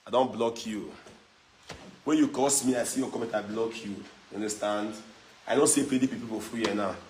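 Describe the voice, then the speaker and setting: A young Nigerian man from Edo with a local accent, talking loosely on a phone livestream, mixing in pidgin, animated and mocking with frequent laughs. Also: medium pitch, slight background noise. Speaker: social media livestreamer. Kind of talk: casual livestream chat.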